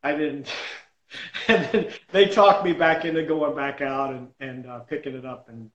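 Man, animated self-deprecating storyteller, slightly high voice, echoey room. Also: normal speed, highs cut off. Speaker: juggler and comedy performer. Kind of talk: casual storytelling chat.

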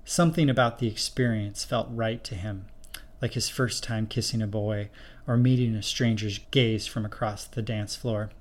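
A man narrating a spooky short story in a steady, measured reading voice. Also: on the low side.

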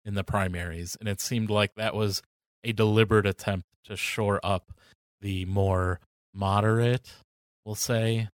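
A man co-hosting a political podcast, talking in a deliberate, dry way with wry jokes. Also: fairly low pitch, steady tone, dry recording. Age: older than co-host. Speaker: podcast co-host. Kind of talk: casual political chat.

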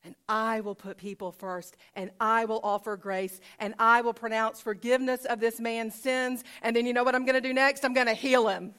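Woman preacher doing jesus, firm teacher guy, keeps hammering the same point, slightly high voice. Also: flat delivery, moderate pace, few pauses, a bit bright, clean tone, natural voice. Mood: resolute. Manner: firm, insistent repetition. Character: Jesus, calm yet firm male teacher.

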